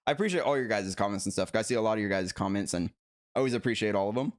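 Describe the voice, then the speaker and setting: A man hosting a casual live stream about collectible figures, reading viewer comments aloud and rambling excitedly, with many fillers and self-corrections. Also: on the low side, racing. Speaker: collectibles channel host.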